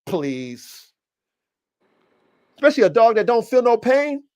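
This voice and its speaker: A very high, fast male voice belongs to the host of a casual livestream podcast. He tells lively, profane stories that wander all over the place.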